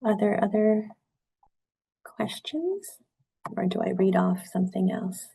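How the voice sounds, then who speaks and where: Middle-aged woman, nurse presenter, husky and candid, earnest webinar delivery. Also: medium pitch, expressive, slow pace, warm tone. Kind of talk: webinar talk.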